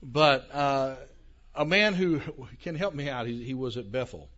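Captured on a dull, lo-fi recording, an older man delivers a theology lecture to a live crowd, asking the room questions and poking fun at himself along the way. He speaks in an animated, unhurried manner, and his mid-range voice has a fairly bright tone.

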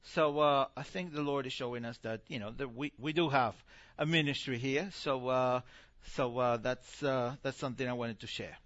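A man's voice: mid-range voice, fairly even intonation, normal speed, a bit bright, muffled recording. A man giving a chatty church presentation as a missionary speaker, full of fillers and acted-out quotes.

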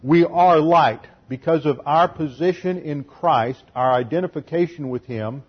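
A husky-voiced male pastor working through a sermon point by point. He teaches methodically, and the recording sounds dull and lo-fi. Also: a little high, a little slow. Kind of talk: expository sermon.

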